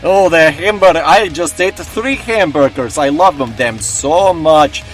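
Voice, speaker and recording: A man's voice: on the high side, unhurried, soft background music, lightly acted. A man voicing a Soviet agent who fakes being an American radio host, speaking in hammy broken English with overeager patriotic cheer. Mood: mock-patriotic.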